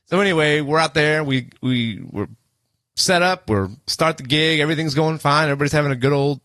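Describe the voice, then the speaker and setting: A man's voice: fairly high pitch, a little fast, fairly bright tone, no echo. A man, co-hosting a podcast and telling a long, rambling story with a lot of swearing. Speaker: podcast co-host. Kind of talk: casual chat.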